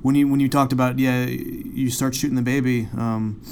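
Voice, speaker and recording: A man's voice: mid-range voice, fairly even intonation, moderate pace, darkish tone, slight background noise. A man hosting an interview, moved by his guest's words and repeating words as he starts his questions. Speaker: host.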